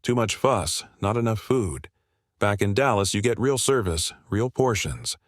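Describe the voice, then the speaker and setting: A man voicing a loud, rude male diner from Texas who mocks and complains. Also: fairly low pitch, lively intonation, unhurried, dry recording, studio quality. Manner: brash, mocking, complaining.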